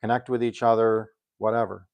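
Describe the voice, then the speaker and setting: Chatty older man, low voice. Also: flat delivery, vocal fry, clean tone, lo-fi sound. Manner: rambling and chatty, pausing with ums while reading aloud. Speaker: home cook hosting a live stream. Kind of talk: casual cooking live-stream chat.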